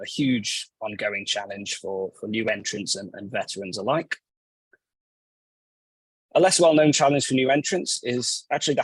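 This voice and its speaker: A man presenting at a business conference, hoarse and raspy from a cold, halting and repeating words as he goes. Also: on the low side, no echo, rough recording. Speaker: company CEO presenting at a summit.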